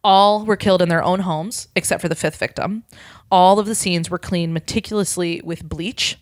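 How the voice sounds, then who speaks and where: A woman's voice: lowish voice, fairly even intonation, normal speed, no echo. A woman co-hosting a podcast, casually retelling a story with frequent fillers and lots of "like". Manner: chatty, frequent ums and likes, acts out quoted lines. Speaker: podcast co-host.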